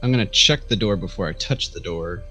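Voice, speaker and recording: A man's voice: low-pitched, fairly quick, bright, forceful tone, breathy edge, faint music behind. A man playing a tabletop game, thinking aloud in a cautious way. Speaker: player.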